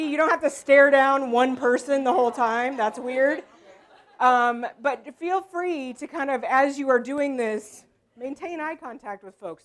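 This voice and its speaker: A woman leading an improv workshop, explaining to a group in a relaxed way, with frequent ums. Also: sits high. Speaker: workshop leader. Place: room with a group.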